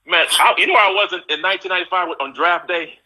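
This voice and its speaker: A man's voice: sits high, racing, low-quality recording. A middle-aged man chatting as a guest on a live video call, telling stories with laughter. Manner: animated, laughing storyteller. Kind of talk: casual chat.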